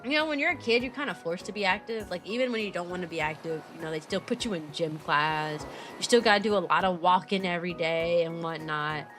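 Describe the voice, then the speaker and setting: A young woman chatting casually on a livestream, bubbly and animated, laughing often as she reads viewer messages aloud. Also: on the low side, fairly quick, soft background music. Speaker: VTuber streamer and kindergarten teacher.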